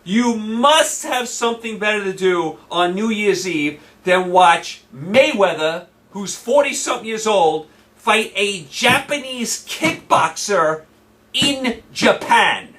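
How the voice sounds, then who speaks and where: A brash, combative man rants through a sports talk monologue in a high, bright voice, hammering his points home by saying them again and again. He sits a little away from the mic. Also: lively intonation, slow, recorded from a distance. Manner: brash, combative, repeats lines for emphasis. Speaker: sports show host.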